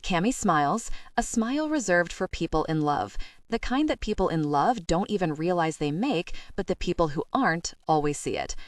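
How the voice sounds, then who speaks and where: A woman's voice: fairly low pitch, expressive, moderate pace, no echo. A woman narrating a first-person romance audiobook in a wry, self-deprecating way.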